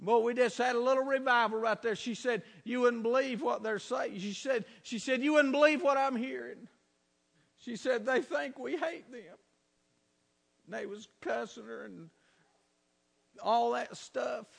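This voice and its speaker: Male pastor, fervent sermon delivery, gravelly edge, reverberant hall. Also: extremely high pitch, unhurried. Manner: fervent preaching, rising to shouts; folksy storytelling.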